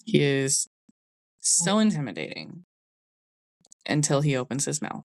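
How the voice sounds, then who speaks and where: Low, slow-talking woman telling her story. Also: big pitch swings, creaky, no echo. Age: young adult. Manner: candid, conversational, Southern 'y'all'. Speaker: podcast host. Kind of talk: personal storytelling.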